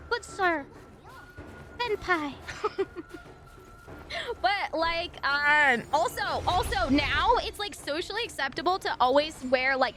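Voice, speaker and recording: Brief: high-pitched female streamer, loose and chatty, frequent laughs and swearing, music underneath. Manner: animated, laughs often, swears freely. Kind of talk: casual stream chat.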